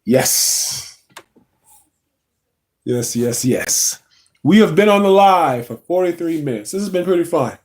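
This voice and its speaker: A young man with a drawl runs a relaxed livestream, talking loosely to his chat. His voice sits a touch high for a man, and he drifts between comments and the odd yawn. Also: takes it slowly, long pauses. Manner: loose and chatty, reading chat aloud, yawning. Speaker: livestream host.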